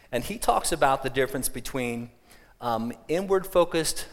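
A man preaching a sermon as pastor, conversational and plain, often restarting his phrases and telling a joke along the way. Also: mid-range voice. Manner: conversational, tells a joke, frequent restarts and fillers. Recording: long hall reverb.

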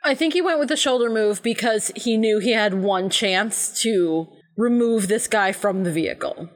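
A woman's voice: mid-range voice, normal speed. A woman co-hosting a podcast, offering wry, dry remarks about a movie. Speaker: podcast co-host. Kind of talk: casual movie commentary.

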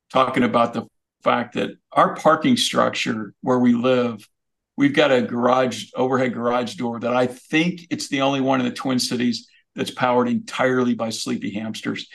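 Guest comedian, man, gravelly voice, lively comic delivery. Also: mid-range voice. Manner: comic, animated storytelling. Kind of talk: storytelling chat.

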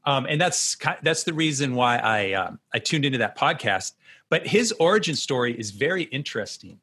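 A man hosting a podcast, talking in a lively, sing-song way with a bright, slightly husky voice. He rambles through anecdotes in relaxed conversation. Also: mid-range voice, normal speed. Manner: rambling, animated storytelling. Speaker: podcast host. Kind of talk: casual interview.

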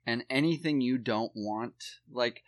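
A man chatting casually about his kids, telling stories and swearing in a relaxed way. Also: medium pitch, a little slow. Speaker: podcast co-host, father. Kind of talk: casual chat.

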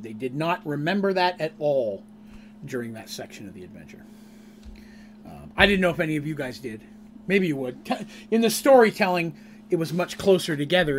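Animated, rambling man telling a game story. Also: a little high, slight background noise. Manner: animated, rambling, laughs at his own story. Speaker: game master. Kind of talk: casual storytelling recap of a tabletop game.

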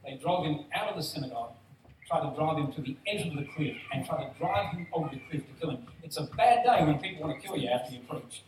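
A man preaching a sermon, telling stories with animated voices for each character. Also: a little high, quick pace. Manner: animated storytelling, acting out voices. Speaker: pastor. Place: church hall. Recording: distant roomy hall mic with faint noise.

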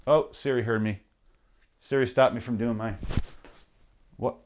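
A man's voice: mid-range voice, steady tone, a little slow, a little mellow. A man hosting a podcast, ranting in a profane, rambling, jokey way through the show's sign-off. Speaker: podcast host. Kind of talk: rambling comedic podcast outro.

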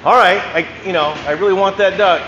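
A man's voice: high voice, a little fast, sharp tone, muffled recording, a little hiss or hum. A man voicing a meek, whining duck hunter, hesitant in his speech, in an echoey church hall. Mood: whiny. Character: whiny out-of-state male duck hunter, meek.

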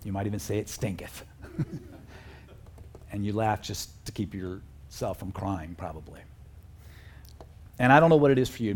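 A man's voice: lowish voice, a little mellow. A man preaching a sermon as a pastor, talking in a conversational, earnest way with fillers and chuckles.

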